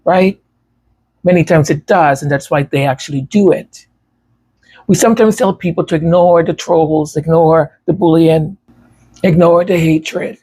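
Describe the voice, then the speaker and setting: His voice sits a little high, with a mellow quality and a breathy edge. He's a music creator talking informally to his viewers, and because of a stutter and tongue tie he repeats words and has trouble pronouncing some sounds.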